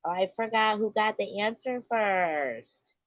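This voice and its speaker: A woman's voice: medium pitch, measured pace, no echo. A woman hosting a casual livestream chat, rambling and offhand, swearing freely, on dull lo-fi audio. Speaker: livestream host.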